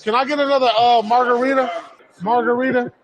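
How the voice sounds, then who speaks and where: Very high-voiced brash man, crowd behind. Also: level tone, fast, poor audio. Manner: brash, joking, profane. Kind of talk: casual banter on a broadcast clip. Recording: clip with loud crowd behind.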